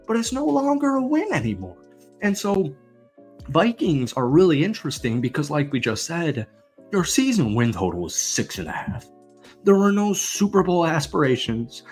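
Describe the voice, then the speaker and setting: A man hosting a football channel, giving an energetic, emphatic sports commentary rant. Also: mid-range voice.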